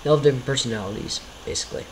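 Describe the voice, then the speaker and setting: A man talks through his own homemade videos in a loose, rambling way, apologizing for his mistakes as he goes. His voice sits at an ordinary middle pitch, and a faint hiss runs under the recording. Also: very fast, low-quality recording. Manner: rambling, self-deprecating, apologetic. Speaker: video creator commenting on his own series. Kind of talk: casual commentary over his own videos.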